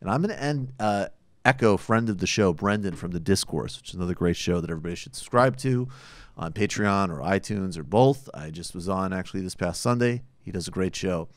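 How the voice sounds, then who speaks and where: A man with a fairly low voice delivers political commentary as a podcast host. His tone is sardonic, and he breaks off and restarts his sentences often. The sound is dry and close. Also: animated, a little fast, dry recording. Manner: sarcastic, with frequent fillers and restarts.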